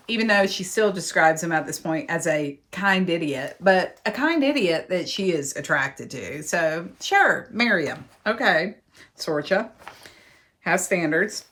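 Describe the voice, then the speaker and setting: A woman's voice: on the low side, animated, measured pace, a bit bright. A woman recapping a romance novel as host of a book show, with wry, sarcastic asides and dramatic emphasis. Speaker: book reviewer and podcast host.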